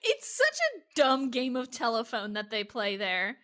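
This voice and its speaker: A woman's voice: a little high, big pitch swings, measured pace, fairly bright tone. A woman with a Midwestern American accent, co-hosting a podcast in casual chat, playful and giggly, laughing often. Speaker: podcast co-host.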